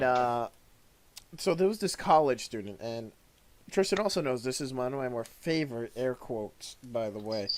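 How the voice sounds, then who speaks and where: A man's voice: mid-range voice, noisy background. A man hosting a casual talk show, telling customer service stories and acting out angry callers. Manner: animated storyteller, acts out angry callers loudly.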